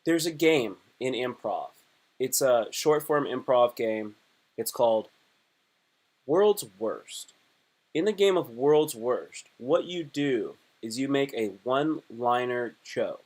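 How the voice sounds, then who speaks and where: A young adult man rambling through a casual livestream, chatty and animated. He keeps restarting his sentences as he talks, with the easy manner of a comedian. His voice sits at an ordinary middle pitch. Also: slow. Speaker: comedian and live streamer.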